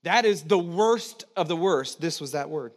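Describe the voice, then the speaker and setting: A middle-aged man from the United States preaches in a church, his voice sitting high for a man. He talks to the congregation like a conversation, has them repeat words back and drops in joking asides. He swings from loud, emphatic lines down to quiet, low ones. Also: lively intonation, normal speed. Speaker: pastor. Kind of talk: sermon.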